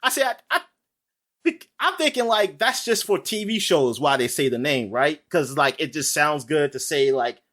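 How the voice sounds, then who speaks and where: Animated, rambling man chatting on a podcast. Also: on the high side. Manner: rambling, animated, laughs often, quick asides. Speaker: podcast co-host. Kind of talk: casual chat.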